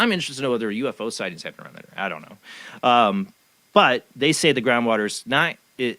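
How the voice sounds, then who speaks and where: A man's voice: mid-range voice, fairly bright tone, no echo. A man hosting a talk show, rambling along in a cynical, sarcastic way. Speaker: show host. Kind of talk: casual talk radio commentary.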